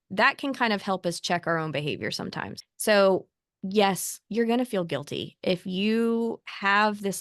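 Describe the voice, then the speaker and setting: A woman in her thirties, a therapist co-host, giving calm, reassuring parenting advice in a conversational way. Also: medium pitch, dry recording, clean studio sound.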